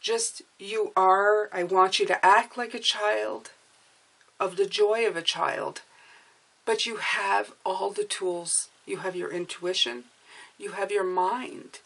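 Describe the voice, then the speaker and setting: A woman's voice: medium pitch, fairly even intonation, takes it slowly, gravelly, fairly bright tone. A woman giving an earnest spiritual tarot reading, coaxing her viewers and often checking in with "okay?" and "you guys". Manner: emotional, coaxing. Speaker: tarot reader.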